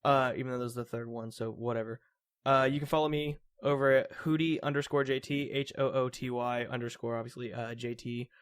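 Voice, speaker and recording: Fast-talking young man, rambling co-host. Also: medium pitch, fairly even intonation, clear, resonant tone. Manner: rambling, lots of fillers and restarts. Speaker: podcast co-host. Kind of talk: casual chat.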